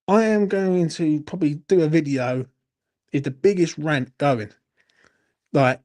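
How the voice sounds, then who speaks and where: A man with a higher, darkish voice hosts a fan channel's late-night Q&A. He's tipsy, ranting and cursing, with plenty of laughing back-and-forth.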